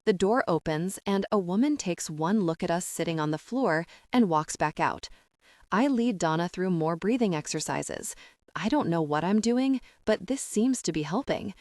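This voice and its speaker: A young adult woman reading a first-person romance audiobook with a steady, calm and expressive delivery. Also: lowish voice, moderate pace, dry recording, studio quality. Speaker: audiobook narrator.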